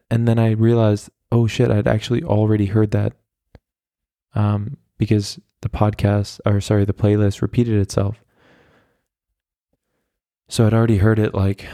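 A young podcast host rambles through a casual solo monologue at normal speed, his low, gravelly voice staying flat and even. He sounds dark and mellow, chatty with plenty of fillers, and makes fun of himself. The recording is dry and close with no room echo.

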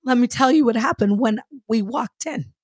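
A woman co-hosting a podcast in casual chat, an animated storyteller who acts out the people she quotes. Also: a little high, normal speed, breathy edge, dry recording, clean studio sound. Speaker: podcast co-host.

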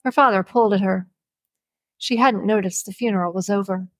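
A woman's voice: medium pitch, fairly quick, dry recording. Woman narrating a novel, dry close sound. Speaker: audiobook narrator. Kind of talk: scripted storybook narration.

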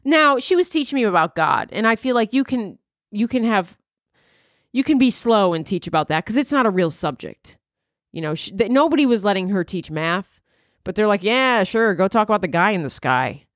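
A woman's voice: mid-range voice, animated, moderate pace, no echo, studio quality. A woman comedian hosting her podcast, rambling through a crude, self-mocking comedic monologue. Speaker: comedian host.

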